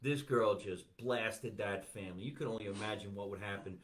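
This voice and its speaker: A man's voice: on the low side, fairly quick, a bit bright, slight background noise. A man hosting a comedy podcast, chatting casually in a joking, crude, playful way.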